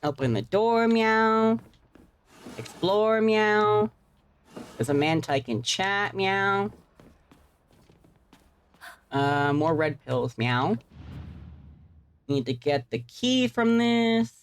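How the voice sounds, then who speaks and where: A woman's voice: medium pitch, expressive, very slow, pauses often, a little hiss or hum. Woman streamer who ends lines with "meow". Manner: playful and profane, tacks "meow" onto sentences. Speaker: game streamer. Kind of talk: live gameplay commentary.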